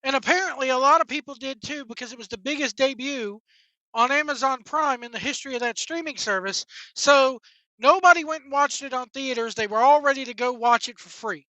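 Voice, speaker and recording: A woman's voice: high voice, a little fast, pushed and bright, no room sound. A woman hosting a wrestling talk show, delivering a blunt, profane, exasperated solo rant. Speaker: wrestling commentary host. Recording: dull, dry lo-fi sound.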